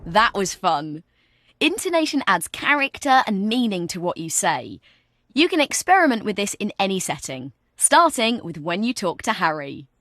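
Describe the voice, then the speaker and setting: A woman narrates a workplace communication exercise as a guide. Her delivery is scripted but encouraging, and her intonation swings widely as she coaches. Her voice sits at an average pitch and sounds dry and close. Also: sing-song, moderate pace, fairly bright tone, no echo. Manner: encouraging, coaching the listener step by step. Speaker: virtual training guide.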